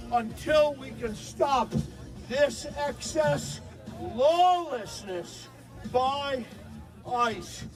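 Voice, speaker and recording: Brief: high-voiced man, slow and deliberate, encouraging protesters over a chanting crowd. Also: poor audio. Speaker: protest speaker. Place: outdoors at a cold street protest.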